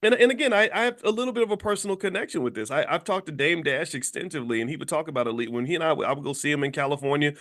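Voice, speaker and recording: A middle-aged man from Louisville, Kentucky, USA, hosts a motivational commentary monologue, blunt and emphatic, repeating words to drive home each point. His voice is on the high side and a bit bright, rapid-fire with few pauses.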